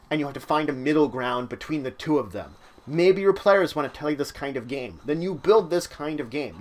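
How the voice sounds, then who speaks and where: Man, mid-pitched voice, casual instructional talk, loose conversational phrasing, channel host. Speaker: channel host giving game-mastering advice.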